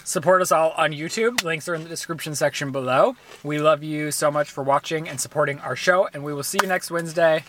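A woman's voice: sits low, fairly quick, few pauses, noisy background. A woman hosting a podcast, chatting casually and laughing easily. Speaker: podcast host. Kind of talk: casual chat.

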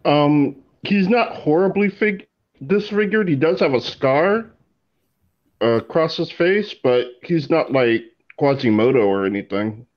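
A man's voice: a little high, lively intonation, unhurried. Matter-of-fact man on dull lo-fi audio. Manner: matter-of-fact, corrects others with facts. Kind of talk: casual podcast chat.

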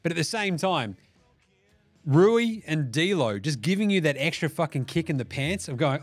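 A man hosting a basketball podcast on his own, sarcastic and quick to swear. His voice sits fairly high and swings widely in pitch. The sound is dry and close, with no room in it. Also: dry recording, faint music behind. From Australia. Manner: profane, sarcastic, animated. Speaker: podcast host. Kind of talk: solo sports podcast rant.

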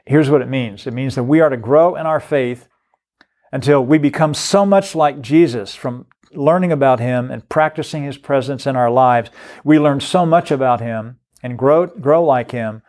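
A man's voice: medium pitch, moderate pace, a little mellow. An older man giving an earnest, preaching-style talk on scripture, often repeating words as he builds emphasis. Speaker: guest speaker on discipleship.

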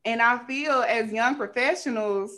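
A woman's voice: a little high, normal speed. A young adult woman hosting a casual podcast, telling a story as a rant in colloquial speech and acting out the dialogue. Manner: animated, colloquial, acts out dialogue. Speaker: podcast host.

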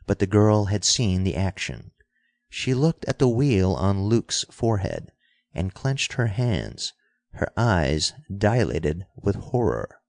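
A man reading an adventure novel aloud as narrator, in a steady, measured way. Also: fairly low pitch, gravelly, no room sound. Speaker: audiobook narrator. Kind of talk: scripted narration.

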